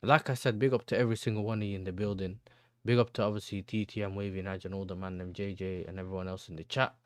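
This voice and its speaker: A slangy, laid-back man hosts a football livestream and talks right to his chat. His voice sits fairly low, and the sound is dry and close with no room around it. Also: little pitch movement, fast, no room sound.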